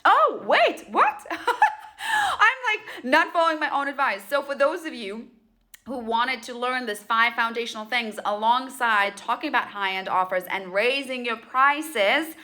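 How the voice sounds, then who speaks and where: A woman's voice: on the high side, bright, forceful tone. A woman sales and mindset coach speaking straight to her audience, emphatic and blunt, repeating her points and giving casual advice. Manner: emphatic, repetitive, fast asides. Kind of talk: direct-to-camera coaching talk.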